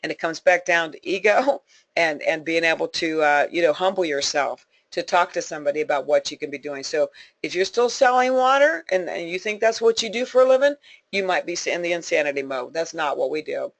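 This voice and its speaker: On a conference call, a sales team leader delivers a motivational talk in a lowish, animated voice at a brisk pace, recorded with no room sound. Her style is folksy and forceful, full of repeated points and frequent laughter.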